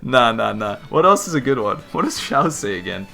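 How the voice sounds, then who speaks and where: A man's voice: mid-range voice, sing-song, brisk, gravelly, sharp tone, faint music behind. A man from the Netherlands, a YouTuber answering viewer questions in a casual chat, laughing easily and poking fun at himself. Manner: chatty, laughs easily, self-deprecating.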